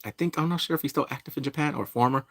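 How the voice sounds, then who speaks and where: A man's voice: a little high, rapid-fire, fairly bright tone. A man talking casually about a TV show as a playful, jokey pop culture vlogger. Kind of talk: casual commentary.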